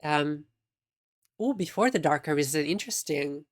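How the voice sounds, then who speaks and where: Streamer, mid pitch, easygoing chat with viewers, teasing. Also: lively intonation, normal speed, no room sound, clean studio sound. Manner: chatty, teasing, reacting to chat. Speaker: live streamer.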